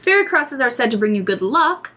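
A woman co-hosting a chatty folklore podcast, reading out legends and reacting with loud exclamations. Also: high-pitched, fairly quick. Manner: animated and exclamatory, reads folklore aloud. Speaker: podcast co-host. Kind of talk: casual chat.

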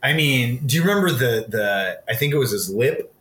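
A man's voice: medium pitch, expressive, moderate pace, fairly bright tone, reverberant. A man co-hosting a podcast in casual chat, loose and enthusiastic, giggling a little as he talks. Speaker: podcast co-host.

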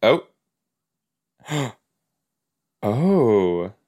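A man hosting a podcast, chatting casually as he reacts to a TV episode, easily amused and quick to gasp and laugh. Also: medium pitch, sing-song, darkish tone.

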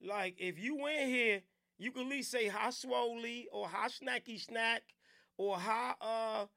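A man from New Jersey, a radio host, chatting casually on a live stream and shouting out viewers with loud hype. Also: very high voice, measured pace, vocal fry.

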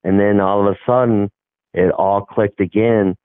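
A man's voice: on the low side, fairly even intonation, moderate pace, no echo. Middle-aged man telling a story over a tinny line. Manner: rambling, acts out quoted dialogue. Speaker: hockey coach. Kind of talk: casual storytelling. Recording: tinny phone-like line, dry.

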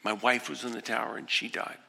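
A pastor in his sixties delivering an earnest sermon, moving from hushed, quiet passages to impassioned ones. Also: medium pitch, level tone, a little fast, creaky. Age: 60s. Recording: echoey hall with long reverb.

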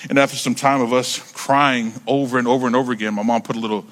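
Bright, animated preacher man. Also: mid-range voice, quick pace. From United States. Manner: animated, conversational, repeats words while building stories. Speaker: pastor. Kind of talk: sermon storytelling.

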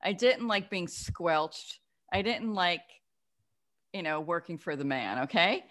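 A woman author being interviewed, telling stories in an animated way and often checking in with "okay?". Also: lowish voice, takes it slowly. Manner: animated storyteller, often tags lines with "okay?". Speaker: guest author and cartoonist. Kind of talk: casual interview storytelling.

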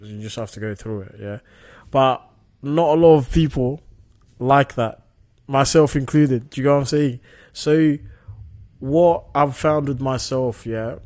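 A man's voice: medium pitch, darkish tone. A young man hosting a casual solo podcast, talking reflectively and often checking in with the listener through tag questions. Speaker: podcast host.

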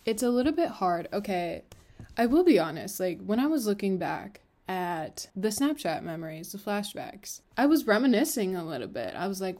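A woman's voice: medium pitch, big pitch swings, normal speed, a little mellow. A young woman in her twenties speaks alone into her podcast mic, open and unguarded about her feelings. Her talk rambles, full of casual fillers and self-interruptions. At times she grows tearful. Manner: candid, emotional, rambling with fillers like "like" and "you know". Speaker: podcast host. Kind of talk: personal confessional monologue.

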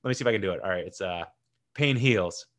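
A man hosting a casual movie countdown, talking in an excitable, gushing way with many fillers and restarts. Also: low voice, very fast. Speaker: movie list host.

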